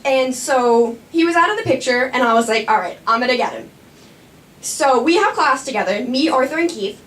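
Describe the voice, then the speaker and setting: High-voiced young woman telling a story. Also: expressive, a bit bright. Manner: chatty, self-mocking, quick asides. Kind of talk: live personal storytelling. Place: small performing arts studio stage. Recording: echoey room from far off.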